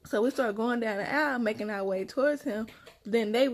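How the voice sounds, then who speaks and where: A young woman and mother, casually telling her viewers a story in a chatty, animated way and repeating her phrases as she goes. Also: on the high side, brisk. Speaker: mother vlogging about her kids.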